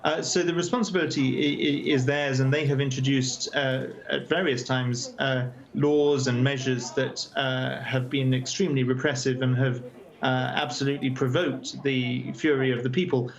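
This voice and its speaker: Man, advocacy chair, remote news interview over a video call; measured and earnest, mid pitch, frequent hesitations. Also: little pitch movement, highs cut off.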